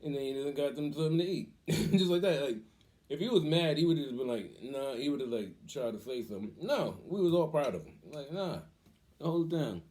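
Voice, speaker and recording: Middle-aged man, dark mellow tone, casual animated storytelling, acts out quotes. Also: a little high, fairly quick. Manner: animated, acts out quoted voices, laughs often. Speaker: vlogger, father.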